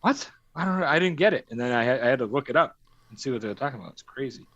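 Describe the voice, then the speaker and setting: A man talks at a rapid clip as he hosts a loose stream conversation, rambling and cursing freely between laughs. The sound is dry and a little dull, like lo-fi stream audio. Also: medium pitch, animated, fairly bright tone, dry recording. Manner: rambling, profane storytelling with frequent laughs. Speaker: stream host. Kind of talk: casual chat.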